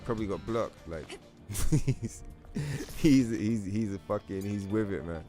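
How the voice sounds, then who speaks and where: A man's voice: fairly low pitch, expressive, a little slow, mellow. A young man hosting a gaming livestream, chatting casually in a loose, rambling, profane way full of fillers. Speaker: livestream host. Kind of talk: casual gaming stream chat. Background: game music.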